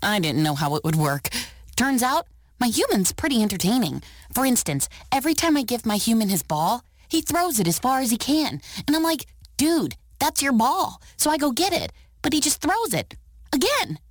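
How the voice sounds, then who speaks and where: A woman's voice: fairly high pitch, sing-song, normal speed, no room sound, clean studio sound. A woman voicing a cheerful amused pet dog. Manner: playful, wry storytelling. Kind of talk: radio ad voice acting.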